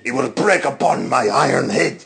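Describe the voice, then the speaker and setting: A man's voice: medium pitch, takes it slowly, creaky. A man putting on a comic Russian character who speaks in clipped broken English and grumbles about hard labor. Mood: grumbling. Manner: clipped broken English, mock accent, repetitive.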